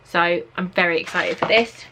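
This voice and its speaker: A young English woman from Norfolk chatting excitedly on camera at home, reading out product blurbs as she unboxes them. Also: on the low side, moderate pace, background noise. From Norfolk, England. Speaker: beauty vlogger. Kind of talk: casual unboxing chat. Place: at home, indoors.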